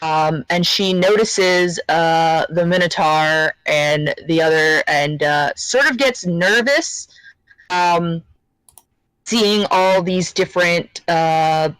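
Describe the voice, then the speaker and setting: Female player, slow, halting, dry close sound. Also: lowish voice, a bit bright, smooth, no echo, rough recording. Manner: hesitant, many fillers. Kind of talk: describing her character in a tabletop game.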